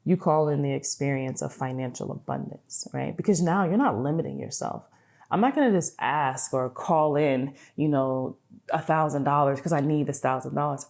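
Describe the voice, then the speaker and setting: Deep-voiced lady podcaster, casual pep talk, lots of "right?" and cussing. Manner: animated and emphatic, swears freely, asks "right?" often. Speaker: podcast host.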